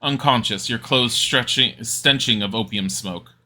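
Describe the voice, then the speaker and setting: A man voicing a calm male doctor who reassures and explains to a friend, reading game dialogue aloud. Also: mid-range voice, unhurried. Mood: reassuring.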